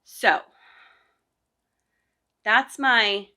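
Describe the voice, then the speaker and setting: Woman podcast host and crochet teacher: unhurried, bright-toned, sincere, conversational advice. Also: fairly high pitch, fairly even intonation. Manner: earnest, advice-giving, with frequent fillers and restarts. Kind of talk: casual podcast monologue.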